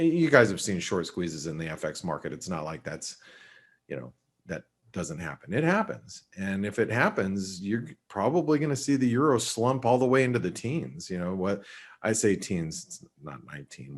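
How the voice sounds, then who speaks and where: A man with a very deep, low voice hosts a live market webinar. He talks casually through chart levels, thinks out loud, and keeps stopping to correct himself. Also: breathy edge. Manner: conversational, thinking aloud with restarts and asides. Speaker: forex market analyst. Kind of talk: live trading webinar commentary.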